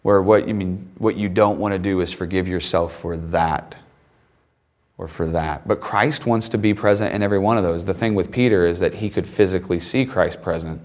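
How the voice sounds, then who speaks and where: A man with a fairly low voice preaching a sermon. He moves between quiet, reflective stretches and animated retellings of scripture. He breaks into playful voices for the people in the story. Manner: animated, voices Peter in a high excited tone with laughs.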